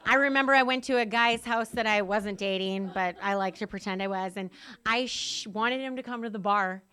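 A woman's voice: medium pitch, moderate pace, pushed and bright. A woman sharing her recovery story in a candid, self-mocking way, laughing often and saying "like" a lot.

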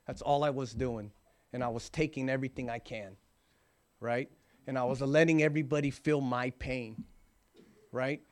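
A man's voice: medium pitch, steady tone, normal speed, long pauses. A man in his forties giving an earnest, emphatic recovery testimony, often checking in with "right?". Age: 40s. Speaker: recovering alcoholic sharing his story.

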